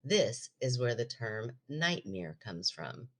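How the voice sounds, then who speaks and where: A woman's voice: very deep voice, very animated, slow pace, fairly bright tone. A woman co-hosting a podcast in casual chat, playfully teasing and reading aloud from a book. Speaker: podcast co-host.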